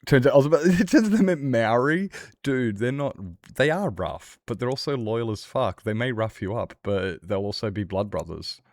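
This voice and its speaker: A man's voice: medium pitch, expressive, normal speed, darkish tone, no room sound, clean studio sound. A young man streaming a game, chatting casually with chat in a rambling, blunt way and swearing freely. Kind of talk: casual chat while gaming.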